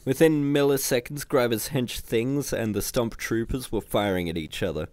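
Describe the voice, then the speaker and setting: A man's voice: mid-range voice, normal speed, a little mellow, no echo. A man casually reading a comedy book aloud on a livestream, chuckling at the jokes in an unpolished delivery. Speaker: reader. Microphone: home computer mic on a livestream.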